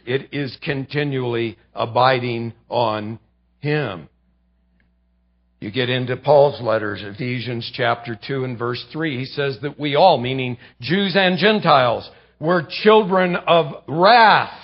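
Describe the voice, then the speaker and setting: A man preaching a sermon as pastor, emphatic and swinging between loud bursts and quiet lows. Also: measured pace, muffled recording.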